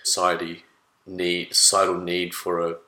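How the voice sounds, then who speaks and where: A man's voice: deep voice, completely flat delivery, unhurried, bright, forceful tone, reverberant, poor audio. A man, thinking aloud in a casual chat with restarts. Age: 30s. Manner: thoughtful, rambling with restarts.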